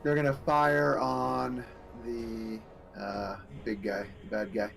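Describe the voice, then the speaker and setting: A man's voice: mid-range voice, flat delivery, slow pace, gravelly, music in the background. A man playing in a tabletop game, giving brief tentative moves and questions. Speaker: player. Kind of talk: casual tabletop play.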